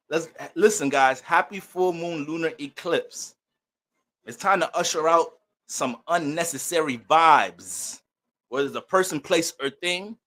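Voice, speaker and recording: A man's voice: on the high side, a bit bright. A man hosting an astrology livestream, greeting viewers by name in playful mock-preacher banter.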